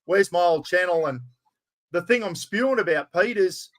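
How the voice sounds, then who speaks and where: A man's voice: high-pitched, expressive, moderate pace. An Australian man hosting a casual livestream chat, blokey and laughing easily, swearing casually as he talks. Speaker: livestream host.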